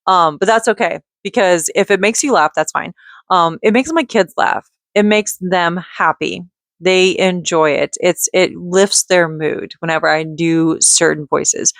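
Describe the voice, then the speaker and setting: A woman vlogging in a casual, rambling way, chatty and quick to giggle as she drifts off on tangents. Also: fairly low pitch, creaky, fairly bright tone, no room sound, studio quality. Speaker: vlogger and mother.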